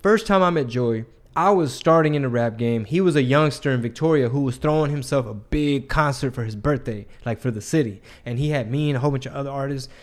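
A man's voice: medium pitch, brisk, few pauses. A man hosting a casual interview, asking follow-up questions and telling his own stories in an easygoing way. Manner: relaxed storyteller, asks follow-up questions.

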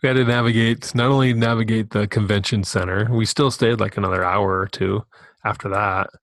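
A man's voice: on the low side, steady tone, brisk, fairly bright tone, no room sound. A middle-aged man co-hosting a podcast in a laid-back way, with short agreeing replies and trailing thoughts. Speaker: podcast co-host. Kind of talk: casual podcast chat.

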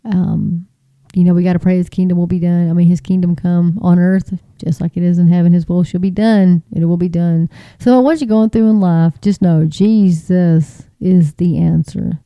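A woman speaks in a very dark, mellow voice, sharing her faith in a chatty, emphatic, folksy way. The sound is dry and close, with no room around it. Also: on the low side, steady tone, moderate pace, dry recording, muffled recording. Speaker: Christian speaker. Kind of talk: casual testimony.

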